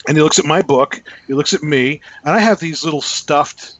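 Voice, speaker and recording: A man with a slightly high voice tells a lively story as a podcast guest, acting out the people in it. The sound is muffled and lo-fi. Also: moderate pace, no echo. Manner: animated storyteller, acts out quotes. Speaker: guest author. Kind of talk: casual anecdote on a podcast.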